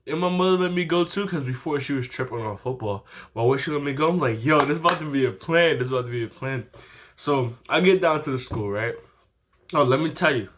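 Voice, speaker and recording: A teenage boy chats straight to camera in a loose, animated story-time ramble. His voice sits at a middle pitch, and he breaks into laughter as he goes. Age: teens. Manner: animated, slangy, laughs often. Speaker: vlogger.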